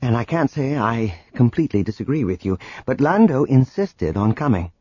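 A man doing a calm, soft-spoken female diplomat. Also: medium pitch, moderate pace, husky, no echo, muffled recording. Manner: soft, composed.

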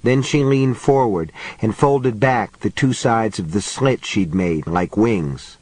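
A man giving a steady, measured reading of a horror story. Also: on the low side, no room sound. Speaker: audiobook narrator. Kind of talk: scripted horror narration.

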